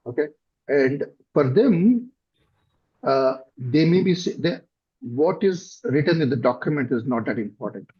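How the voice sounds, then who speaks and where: Man, South Indian accent, middle-aged, husky, halting and thoughtful, lots of fillers, muffled lo-fi sound. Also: mid-range voice, animated, dark tone. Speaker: company director, guest. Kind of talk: conversational interview answers. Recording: dull lo-fi recording.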